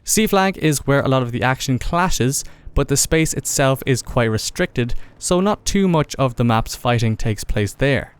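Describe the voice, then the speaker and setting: A man's voice: medium pitch, expressive, measured pace, hardly any pauses, clear, resonant tone. A man narrating a gameplay video in a casual, enthusiastic commentary voice-over. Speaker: gaming video creator.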